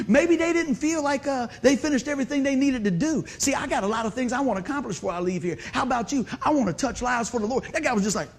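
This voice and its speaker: A man's voice: very high-pitched, animated, fast, hardly any pauses, husky. A man preaching a sermon, telling a folksy story and joking with the congregation. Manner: folksy, conversational, joking with the audience.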